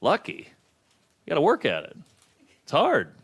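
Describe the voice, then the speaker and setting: Male stand-up comic, slightly high and very animated voice, deadpan punchlines, noisy live club recording. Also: husky. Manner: quick deadpan punchlines, voicing characters. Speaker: stand-up comedian. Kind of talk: stand-up comedy set.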